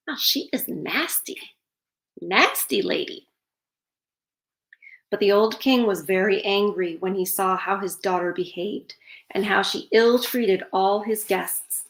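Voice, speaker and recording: A woman's voice: mid-range voice, slow, a bit bright. A woman reads a fairytale aloud and breaks off for sarcastic asides. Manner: sarcastic asides between passages. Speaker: storyteller. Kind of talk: reading a fairytale aloud with commentary. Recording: roomy echo.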